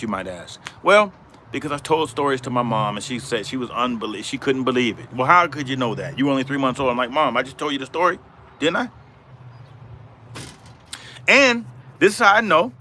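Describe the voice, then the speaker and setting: Bright-voiced man rambling on a livestream. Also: mid-range voice, slight background noise. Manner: rambling, repetitive, greets chat viewers. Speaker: livestream host. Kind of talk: casual livestream talk. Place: outdoors in middle Georgia.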